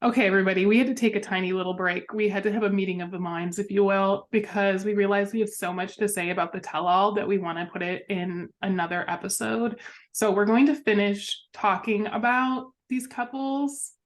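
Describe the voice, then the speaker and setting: Woman co-host, casual storytelling podcast chat, playful, mid-pitched. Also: steady tone, fairly quick. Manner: storytelling, playful, jumps into quoted voices.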